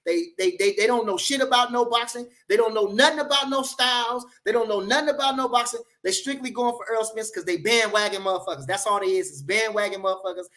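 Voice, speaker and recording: A man hosting a boxing channel livestream, reading the chat and trash-talking loudly and profanely, with many "you know" fillers. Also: sits high, quick pace, hardly any pauses. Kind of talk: livestream rant.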